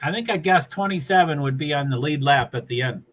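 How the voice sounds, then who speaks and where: A man's voice: a little high, animated, fairly quick, low-quality recording. A man from New England chatting casually on a livestream, rambling and laughing as he follows a race. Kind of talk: casual live commentary while watching a race.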